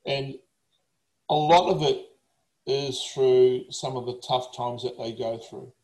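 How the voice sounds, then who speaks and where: A man's voice: mid-range voice, steady tone, slow, a little mellow, reverberant, rough recording. A man, a motivational speaker talking casually, blunt, emphatic and swearing heavily. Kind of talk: casual talk.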